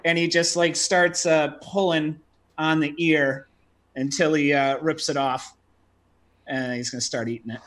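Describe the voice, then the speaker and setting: Bright-voiced rambling male player. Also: on the high side, steady tone, unhurried. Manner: rambling, many fillers. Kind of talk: playing a tabletop game.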